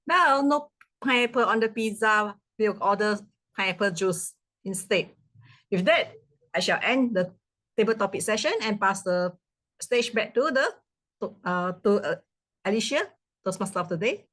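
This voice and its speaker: A woman's voice: mid-range voice, lively intonation, a little slow, a bit bright. Formal woman running a meeting segment. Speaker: table topics master. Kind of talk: meeting facilitation.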